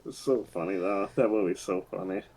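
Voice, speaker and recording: A man's voice: low voice, fairly quick, darkish tone, husky, rough recording. A man co-hosting a casual podcast, retelling scenes with lots of fillers and restarts. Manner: rambling retelling with many fillers and laughs. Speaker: podcast co-host. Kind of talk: casual chat.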